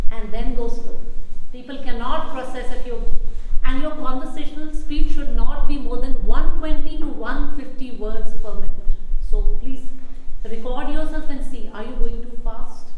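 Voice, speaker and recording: A woman's voice: high-pitched, a little hiss or hum. A woman from India leading a public speaking workshop, often putting questions to the audience. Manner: questions the audience, lively teaching delivery. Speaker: workshop presenter. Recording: echoey hall with faint ambience.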